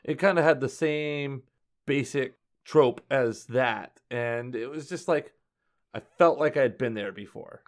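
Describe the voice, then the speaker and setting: A man's voice: medium pitch, measured pace. A man co-hosting a comics podcast, trading dry, teasing banter in casual chat. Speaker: podcast co-host.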